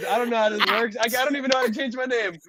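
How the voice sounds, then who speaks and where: High-voiced laid-back man. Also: fairly even intonation, rapid-fire, a loud crowd. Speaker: podcast co-host. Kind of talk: casual chat.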